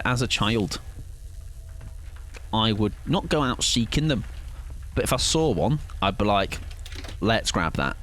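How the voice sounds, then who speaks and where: A man's voice: medium pitch, a bit bright, a little hiss or hum. A man chatting casually with viewers while streaming a game, playful and rambling, chuckling often. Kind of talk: casual live-stream chat while gaming.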